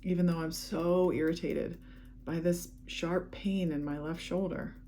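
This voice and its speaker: A woman leading a guided EFT tapping session, speaking calm, repetitive affirmations. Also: on the low side, measured pace, a little hiss or hum.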